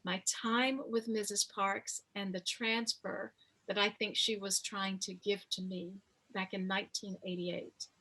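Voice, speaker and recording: Woman, 50s, author in an interview; husky, unhurried storyteller. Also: mid-range voice, flat delivery, pushed and bright. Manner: slow, reflective storytelling with many pauses. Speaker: author interviewed about her memoir.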